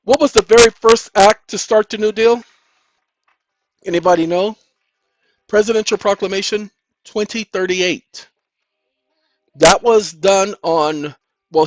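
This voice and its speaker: A man hosting his own channel, talking in an emphatic, preaching-style monologue that keeps calling out to "ladies and gentlemen" and climbs into loud, insistent bursts. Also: sits high, dry recording, low-quality recording. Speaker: channel host.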